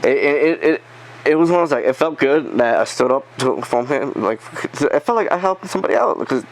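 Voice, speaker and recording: Fast-talking gravelly man telling a story. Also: mid-range voice, slight background noise, poor audio. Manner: animated, acts out quotes, swears a lot. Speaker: podcast guest. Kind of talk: casual storytelling.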